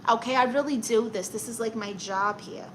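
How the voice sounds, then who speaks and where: A woman's voice: a little high, moderate pace, a little hiss or hum, poor audio. A woman with a Brooklyn accent hosting a casual live stream, reading chat comments aloud and roasting viewers in a sassy, playful way.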